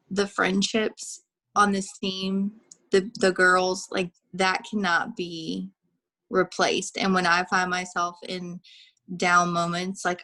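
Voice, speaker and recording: A woman's voice: on the low side, bright, forceful tone. A woman on a group video call speaking earnestly and reassuringly to her teammates. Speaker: team member on a group call. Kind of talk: casual supportive chat.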